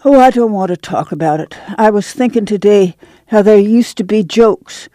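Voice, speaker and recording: A woman voicing a weary, steady migrant mother who talks in a soft rural dialect. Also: mid-range voice, moderate pace, dry recording, studio quality, pitched above the performer's own voice, close to an everyday voice. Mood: soothing, weary. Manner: soothing, firm, rural dialect. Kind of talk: dramatic book reading.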